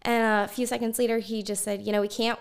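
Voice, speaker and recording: A woman guest telling a personal story in conversation, animated and laughing often as she talks. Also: fairly high pitch, fast talker, vocal fry, crowd noise.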